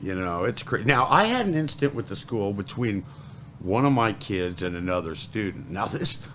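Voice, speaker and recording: A middle-aged man hosting a casual chat, telling stories with lively acted-out quotes. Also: lowish voice, moderate pace, slight background noise. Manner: animated storyteller, acts out quoted voices. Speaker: podcast host.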